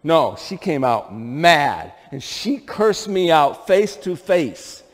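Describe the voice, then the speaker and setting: A middle-aged pastor from upstate New York delivers a sermon with a high voice that leaps all over its range. He spins stories and keeps asking the congregation questions. His voice rings with a long church hall reverb. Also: takes it slowly. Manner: animated storytelling with rhetorical questions to the congregation. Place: church sanctuary.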